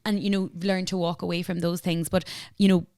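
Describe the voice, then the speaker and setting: A woman with an Irish accent, a business founder talking in a casual interview, chatty and animated, full of fillers and retold dialogue. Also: fairly low pitch, a little fast, no room sound, clean studio sound. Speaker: entrepreneur guest.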